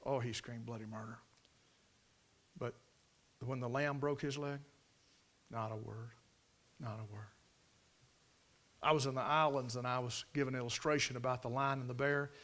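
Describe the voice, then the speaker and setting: A man preaching a sermon in a folksy storytelling way, swinging from loud emphasis to hushed near-whispers. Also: mid-range voice, steady tone, normal speed, pauses often.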